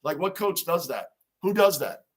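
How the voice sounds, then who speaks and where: A man's voice: on the high side, very animated, normal speed, background noise. A man hosting a sports livestream, chatting casually and animatedly with viewers by name. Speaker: livestream host.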